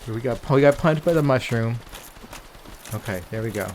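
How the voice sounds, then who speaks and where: Gamer guy, mid-pitched, loose and swearing, talks to the screen; faint background hiss. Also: normal speed, darkish tone. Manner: chatty, profane, talks to game characters. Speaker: let's play gamer. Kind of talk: casual gameplay commentary.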